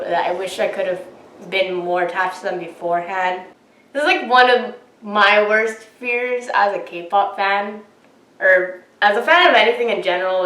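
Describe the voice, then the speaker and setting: A woman co-hosting a reaction video, retelling events in an animated way and acting out quotes. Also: medium pitch, roomy sound. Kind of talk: casual storytelling chat.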